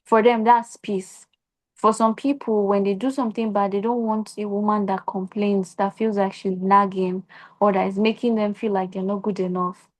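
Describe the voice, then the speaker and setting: A young Nigerian woman talks earnestly on a podcast, giving relationship advice in a casual way. She keeps asking rhetorical questions to make her point, and her voice sits at an ordinary middle pitch. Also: fairly even intonation, normal speed, darkish tone.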